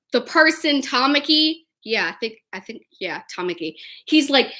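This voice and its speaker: High, bright-voiced young woman telling stories. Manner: animated, giggly, acts out quotes. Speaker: vlogger. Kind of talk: casual storytelling.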